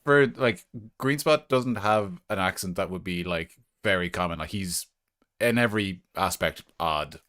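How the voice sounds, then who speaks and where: A man's voice: deep voice, fairly bright tone. A man, joking and bantering as a player at a tabletop game. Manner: jokey, quick banter. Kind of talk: casual chat at a tabletop game.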